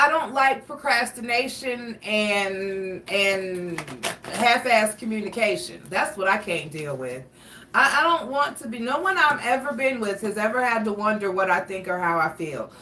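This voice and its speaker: A woman with a medium-pitched, bright voice and a forceful tone gives a casual tarot and astrology reading, chatty and blunt, wandering into asides and swearing. The mic sounds roomy and somewhat distant, picking up faint ambience and slight background noise.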